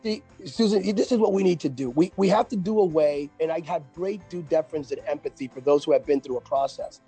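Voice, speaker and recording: Male pastor guest, fairly high for a man, husky and warm, sermon cadence on talk radio. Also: soft background music. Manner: emphatic, preacher-like cadence, drawn-out stressed phrases. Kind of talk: preaching on a radio talk show.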